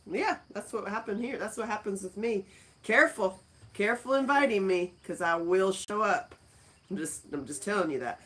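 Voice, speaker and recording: A woman hosting a casual livestream from a friend's house, rambling and laughing as she talks in a deep morning voice. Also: expressive, normal speed, fairly bright tone. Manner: rambling, chatty, laughs easily. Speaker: livestream host. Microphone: phone camera.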